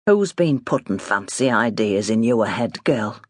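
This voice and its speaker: A man's voice: fairly low pitch, lively intonation, a little slow, no room sound, studio quality, pitched below the performer's own voice. A woman voicing a stern older farmer father, blunt and scornful.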